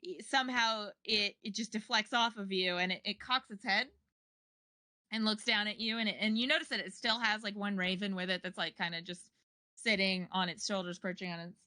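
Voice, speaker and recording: Game master type, woman, bright voice, loose rambling narration, dry close mic. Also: medium pitch, steady tone, a little fast, no echo. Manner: meandering, many fillers and restarts.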